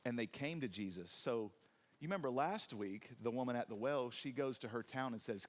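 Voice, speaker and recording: A man preaching a sermon in a church, animated and acting out scenes in different voices with jokes for the congregation. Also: medium pitch, fairly quick. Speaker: pastor. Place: church sanctuary.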